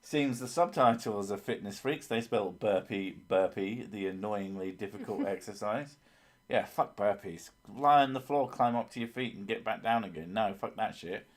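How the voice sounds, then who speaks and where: A man's voice: on the low side, normal speed, hardly any pauses. A man hosting a casual live stream, chatting crudely with lots of swearing and laughter. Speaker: streamer, host of a horror story channel.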